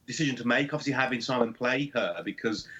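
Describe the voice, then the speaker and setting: A man's voice: mid-range voice, quick pace, pushed and bright, husky, highs cut off. A man with a Birmingham accent, chatting easily about making his film, with lots of fillers. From England. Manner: easygoing, explains with many fillers. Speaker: film director and writer, guest. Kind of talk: casual commentary chat.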